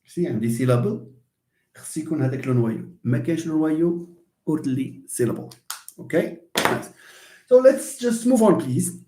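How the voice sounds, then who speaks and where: A man with a Moroccan accent giving an online class lecture, animated and switching between English, French and Arabic, asking and answering his own questions. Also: a little high, fairly quick, echoey room, slight background noise.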